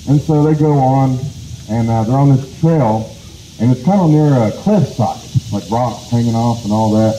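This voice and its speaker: A storyteller from the Cherokee Nation spins an old tale aloud in a relaxed, chatty way. His voice is very dark and mellow. The sound is echoey, with faint noise behind. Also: medium pitch, moderate pace. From United States, Cherokee Nation. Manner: casual, conversational, lots of "and so". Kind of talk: live oral storytelling. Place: outdoor heritage festival.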